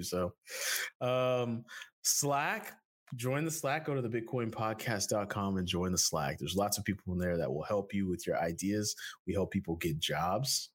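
A man co-hosting a podcast in casual chat, joking and rambling through ad reads with big swings in pitch. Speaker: podcast co-host.

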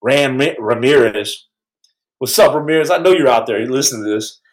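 A man telling a story on his podcast in a casual, animated way, stumbling over restarts and acting out the quotes. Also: medium pitch, moderate pace, low-quality recording.

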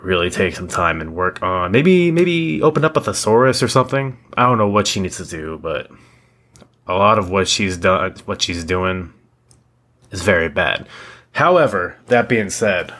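A young man with a deep, low voice talks on a podcast in a blunt, profane, animated rant. He keeps restarting his sentences as he piles on opinions. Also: unhurried. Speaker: podcast co-host. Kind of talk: casual opinionated chat.

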